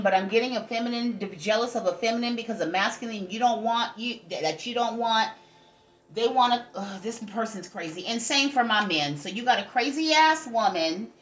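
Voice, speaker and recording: Woman, casual tarot reader; slightly high voice, blunt, profane, rambling delivery. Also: a bit bright. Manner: blunt, profane, rambling, talks straight to viewers. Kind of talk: casual tarot reading monologue.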